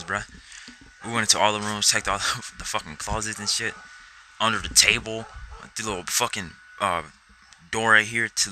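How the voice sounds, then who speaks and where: A man's voice: on the low side, pushed and bright, slight background noise, low-quality recording. A young man telling a rambling personal story to camera, swearing constantly and acting out his own reactions. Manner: rambling, heavy swearing, acts out quotes. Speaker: vlogger.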